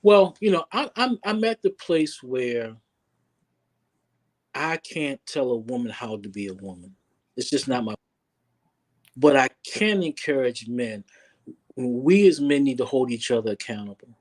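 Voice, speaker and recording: A man's voice: medium pitch, animated, unhurried, long pauses. A man who works as a relationship coach, speaking earnestly as an interview guest and often repeating words while he thinks. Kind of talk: interview guest, casual talk.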